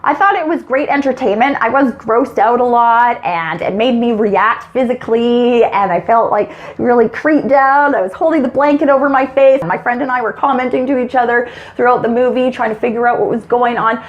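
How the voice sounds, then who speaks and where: Chatty, expressive woman reviewing films. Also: a little high, moderate pace, hardly any pauses, highs cut off. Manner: chatty and expressive, with animated grossed-out reactions. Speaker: film reviewer. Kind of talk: casual movie review vlog.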